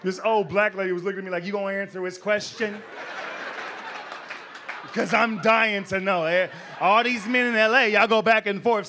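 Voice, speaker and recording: High-voiced man doing stand-up. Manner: loose, slangy storytelling with acted-out quotes. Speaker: stand-up comedian. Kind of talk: stand-up comedy set. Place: comedy club stage. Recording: live club recording with noisy room. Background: audience laughter.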